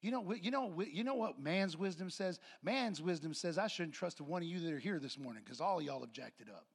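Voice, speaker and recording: A man's voice: fairly high pitch, expressive, brisk, vocal fry, breathy edge. A man preaching a sermon to his congregation, telling a story and acting out voices and laughter. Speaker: pastor. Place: church sanctuary with congregation.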